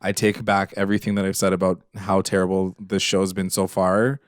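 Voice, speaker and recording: A man's voice: low-pitched, brisk, dry recording, clean studio sound. A man co-hosting a podcast, retelling a TV episode in casual, emotional chat full of fillers. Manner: emotional, animated retelling, many fillers and swearing. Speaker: podcast co-host.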